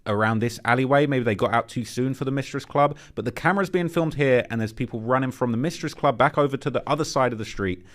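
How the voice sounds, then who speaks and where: A man's voice: mid-range voice, quick pace, few pauses. Man hinting at clues over footage. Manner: conspiratorial, hinting. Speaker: host. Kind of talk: casual commentary.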